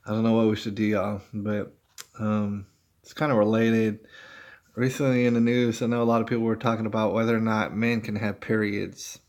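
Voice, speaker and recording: Low-voiced man rambling on a livestream. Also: flat delivery, moderate pace, darkish tone. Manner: rambling, conversational, addresses viewers as y'all. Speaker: livestream host. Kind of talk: casual rambling livestream commentary.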